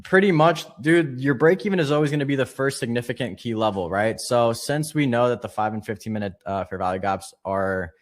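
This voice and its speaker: A man teaching a live online trading lesson, explaining quickly and casually with fillers. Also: mid-range voice, animated. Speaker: trading instructor.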